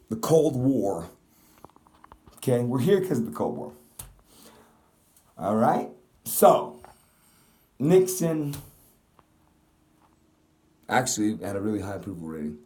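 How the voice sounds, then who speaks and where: A man's voice: fairly low pitch, warm tone. A young man delivering an angry, profane political rant to camera, swearing constantly. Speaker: vlogger. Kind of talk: ranting political monologue.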